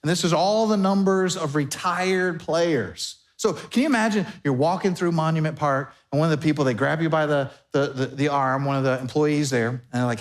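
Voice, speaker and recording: Man preaching a lively sermon. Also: on the high side, moderate pace, hardly any pauses. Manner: conversational preaching with playful hypothetical dialogues. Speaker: pastor. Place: church sanctuary before a congregation.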